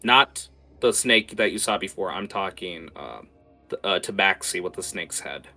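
A man narrating a tabletop game as its game master, animated and full of filler words. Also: deep voice, normal speed, faint music behind.

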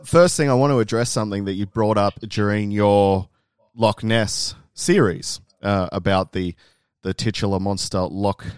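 Australian male podcast guest, smooth and resonant, dry close sound, rambling casual delivery. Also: fairly low pitch, a little mellow, dry recording. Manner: rambling, searches for words. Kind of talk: casual chat.

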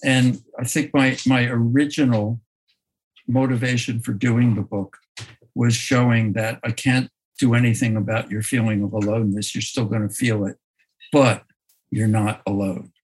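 A man, a photographer, talking in a slow, thoughtful way in an interview, often restarting his sentences and laughing softly. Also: mid-range voice, steady tone, a little hiss or hum, poor audio. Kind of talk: reflective conversational interview.

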